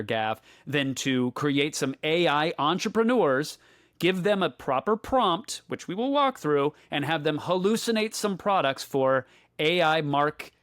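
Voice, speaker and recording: A man co-hosting a podcast in casual chat, walking listeners through an experiment with playful, deliberate explanations. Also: a little high, a bit bright, no room sound, clean studio sound. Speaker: podcast co-host.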